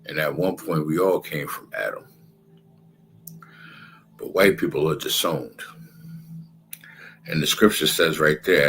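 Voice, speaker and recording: Very deep-voiced man teaching scripture. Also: unhurried, long pauses, fairly bright tone, a little hiss or hum, low-quality recording. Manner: repetitive, conversational, keeps asking "you understand?". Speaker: religious class teacher. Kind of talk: casual scripture lecture.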